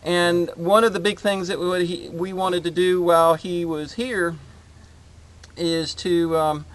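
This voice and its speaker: A man's voice: high-pitched, little pitch movement. A man hosting his homestead channel, chatting casually outdoors in his garden and rambling with lots of fillers. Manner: rambling, halting with many fillers.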